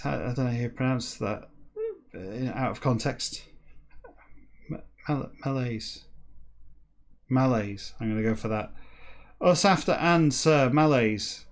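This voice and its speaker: A man reading a classic novel backwards for comedy, slow and halting word by word, breaking off for quick muttered asides. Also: medium pitch. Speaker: comedy podcast reader.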